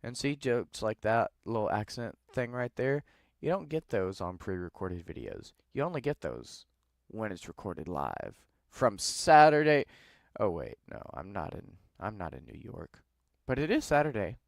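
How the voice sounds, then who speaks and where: A man's voice: fairly low pitch, very animated, normal speed, creaky, dry recording, clean studio sound. A man hosting a podcast, casually reading news articles aloud and breaking off into sarcastic, dismissive asides. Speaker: podcast host. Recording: live with no editing.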